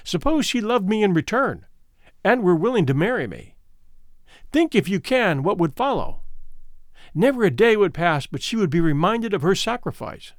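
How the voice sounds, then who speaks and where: A man's voice: sits high, very animated, moderate pace, no room sound, studio quality, voice pushed up. A man playing an ardent young suitor.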